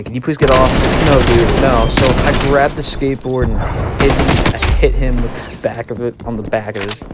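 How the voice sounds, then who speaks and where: A man's voice: mid-range voice, heavy background noise. Rambling young man over game gunfire. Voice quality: rambling, profane, many restarts. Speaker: vlogger. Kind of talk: casual storytime. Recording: loud gunfire sounds behind. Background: loud video game gunfire.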